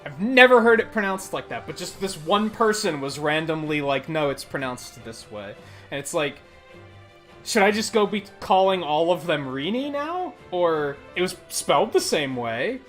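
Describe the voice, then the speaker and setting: Streamer guy rambling while he plays, slightly high voice, really animated, faint game music behind. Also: moderate pace. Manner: animated, rambling, swears often. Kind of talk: casual live-stream commentary.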